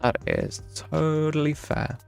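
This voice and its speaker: A man's voice: on the high side, wildly swooping pitch, slow pace, gravelly, soft background music. A young man from the UK, chatting casually and self-mockingly while streaming a game and answering chat. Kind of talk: live gameplay chat.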